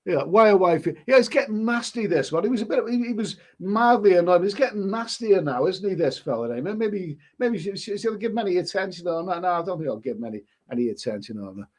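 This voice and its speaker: A man's voice: high voice, animated, fast, hardly any pauses, a little mellow. An older man from Liverpool with a Scouse accent, chatting casually on a live stream, rambling with frequent restarts and calling viewers "mate". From Liverpool, England. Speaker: travel vlogger hosting a live stream.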